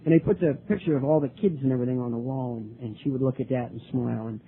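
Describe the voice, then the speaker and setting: Older man, recovery meeting speaker, earnest storytelling, halting, thin phone-like sound. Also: medium pitch. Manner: earnest, halting with many restarts. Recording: tinny lo-fi recording, faint hiss.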